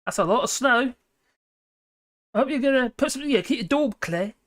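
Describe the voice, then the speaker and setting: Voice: high-pitched, lively intonation, normal speed, a bit bright. A live-stream host, chatting casually and reacting to viewer comments in a scattered, talkative way.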